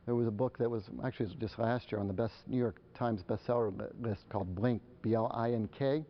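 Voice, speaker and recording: A man giving a live presentation to parents, animated and acting out the exchanges between parents and children. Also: medium pitch, quick pace, slight background noise. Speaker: speaker on parenting. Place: lecture hall. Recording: dull lo-fi live recording.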